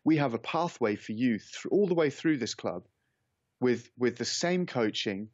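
A man working as a football pundit on a radio phone-in, talking in a measured, halting way as he thinks aloud. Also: mid-range voice, animated, a little mellow, dry recording, muffled recording. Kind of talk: radio panel discussion.

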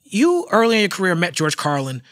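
A man's voice: high-pitched, wildly swooping pitch, brisk, very noisy. A man hosting an interview podcast, giving short, affirming replies and posing questions to his guest. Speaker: podcast host. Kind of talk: interview conversation.

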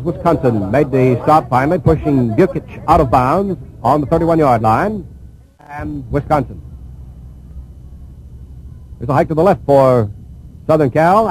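High-voiced man calling football on radio. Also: rough recording. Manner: brisk, steady play-by-play calling. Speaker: radio play-by-play announcer. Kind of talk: live radio football commentary. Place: press box at a stadium.

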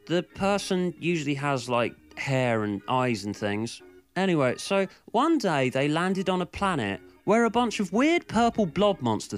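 A man delivers sarcastic, self-mocking commentary, swearing freely. His pitch jumps about in an animated way, and he slides easily into deadpan storytelling. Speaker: video essayist.

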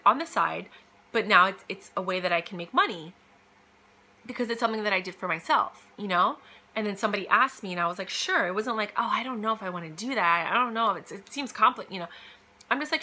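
Sharp in tone and medium in pitch, this woman's voice carries a casual motivational monologue. She talks emphatically about careers, leaning on fillers and quoted asides.

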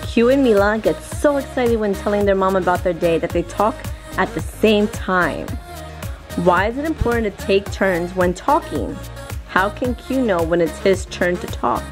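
Chatty mom doing a family vlog, average pitch, music playing underneath. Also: female voice, expressive, moderate pace. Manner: chatty, reads game cards aloud to her child. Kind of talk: casual family vlog with product plug. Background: background music.

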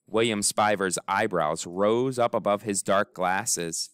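A man reading a children's story aloud in an expressive, animated way, giving the characters voices. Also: fairly low pitch, slow pace, smooth, no echo, studio quality. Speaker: audiobook narrator.

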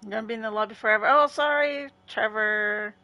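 A woman's voice: fairly high pitch, fairly quick, pushed and bright. A woman chatting casually with her viewers while livestreaming gameplay. She laughs often and greets people in chat by name. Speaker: gaming livestreamer.

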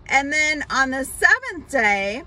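High, lively woman telling a Bible story. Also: poor audio. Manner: animated, explains slowly with many fillers and restarts. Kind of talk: children's sermon storytelling.

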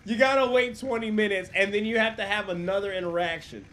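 A man streams a roleplay game, chatting casually with other players, explaining the rules and swearing freely. His voice sits high and a bit bright, and he talks fast.

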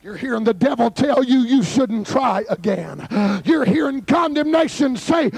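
A man preaching a fervent Pentecostal sermon at a youth camp service and shouting in bursts. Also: extremely high pitch, animated, normal speed, creaky, hardly any pauses, slightly rough.

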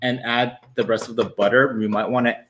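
A man's voice: medium pitch, steady tone, brisk, noisy background. A man co-hosting a live cooking stream from a home kitchen, explaining each cooking step in a friendly, upbeat way. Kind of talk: casual live-stream chat while cooking.

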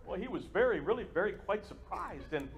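High-voiced male pastor preaching in an echoing church. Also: fairly quick. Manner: energetic, joking preacher who talks straight to the congregation. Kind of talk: sermon. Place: church sanctuary with a live congregation.

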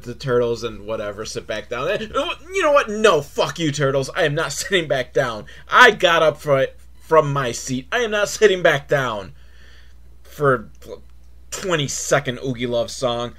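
A man's voice: on the high side, very animated, moderate pace, fairly bright tone. A man hosting a comedy podcast, recapping a children's movie with sarcastic, mocking commentary and sing-song mimicry. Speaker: podcast host.

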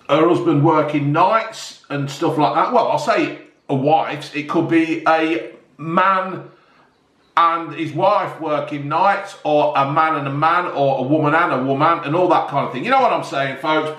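A man's voice: on the high side, fairly bright tone. A middle-aged man casually reviewing a drink, rambling and joking, calling his viewers folks. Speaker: product reviewer. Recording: echoey room.

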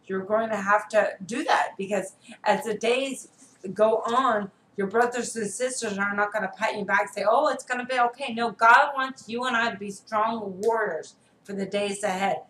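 A woman's voice: mid-range voice, moderate pace, a bit bright. A woman preacher giving an earnest online video sermon, exhorting her listeners and often checking in with "okay?". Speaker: prophetess preacher. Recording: echoey room with faint background noise.

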